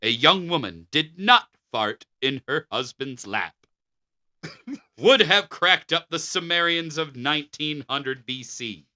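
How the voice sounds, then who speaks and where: Podcast co-host, slow-paced man, lively pitch, bright voice, dry amused read-through of notes. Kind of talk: reading notes in casual podcast chat.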